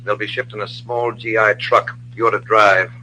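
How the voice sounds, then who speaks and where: Calm coaxing magician hero, bright measured voice, old-time radio drama. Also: male voice, lowish voice, a little hiss or hum, poor audio. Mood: commanding. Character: calm wise male magician detective. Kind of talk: 1940s radio acting.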